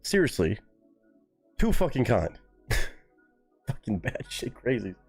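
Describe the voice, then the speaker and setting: A man hosting a relaxed live reaction stream, talking straight to his chat. His voice jumps around a lot and leaps high when something surprises him, with casual curses thrown in. Soft music plays faintly under him. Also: slow, husky. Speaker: livestream host reacting to music.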